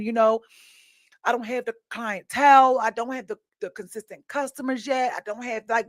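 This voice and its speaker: A woman hosting a podcast, talking in a chatty, animated storytelling way with asides to her listeners. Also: a little high, brisk, dry recording. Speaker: podcast host. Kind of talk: casual monologue.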